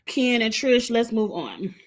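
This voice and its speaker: A woman's voice: fairly high pitch, sing-song, measured pace. A woman from Illinois with a blended Midwestern and Southern US accent, giving a blunt, sassy, opinionated recap of reality TV in casual chat. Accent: Midwestern US mixed with Southern US. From Illinois, USA.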